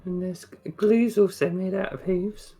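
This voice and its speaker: A woman's voice: lowish voice, steady tone, normal speed, mellow, faint music behind, poor audio. A woman playing a tabletop game in character, bookish and a little hesitant, explaining things with small stumbles. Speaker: player.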